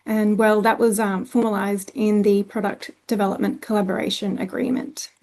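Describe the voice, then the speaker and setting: A woman with an Australian accent presents a webinar talk at a conference session, her medium-pitched voice level, slightly mellow, and at a normal pace. She speaks plainly, often saying um and restarting sentences.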